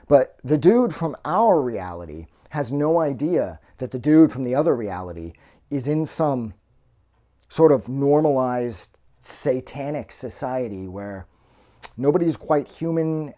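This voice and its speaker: Dude rambling thru a movie review, swears a ton, kinda mellow dark voice. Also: male voice, medium pitch, big pitch swings, a little slow. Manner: rambling and heavily profane; loose, with many fillers and trailing restarts. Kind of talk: casual spoken movie review.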